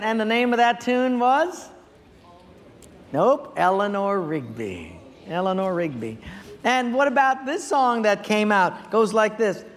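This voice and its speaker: A man's voice: high voice, fairly bright tone, long reverb tail. A male pastor preaching a sermon, telling stories and asking the audience questions. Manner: storytelling, asks the audience questions.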